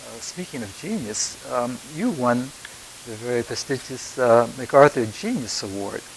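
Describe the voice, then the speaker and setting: A man interviewing a guest, asking short, unhurried prompting questions. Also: mid-range voice, expressive, rough recording. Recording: clear hiss on an old video recording.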